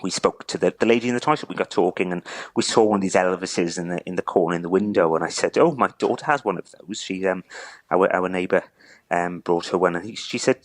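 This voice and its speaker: A man recounting a neighbour's gift, halting and repeating words as he chokes up. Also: sits low, dry recording, low-quality recording. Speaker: interviewee, neighbour telling a story. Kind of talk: emotional phone interview.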